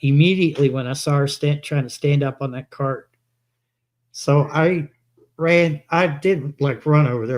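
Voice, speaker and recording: A man's voice: a little high, a little mellow. A man telling long rambling anecdotes in a casual live chat, quoting himself as he goes. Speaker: co-host.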